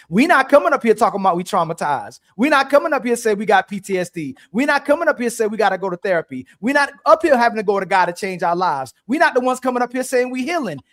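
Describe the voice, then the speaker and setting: A man's voice: high voice, a bit bright. A man hosting a heated panel debate, argumentative and pushing to finish his point.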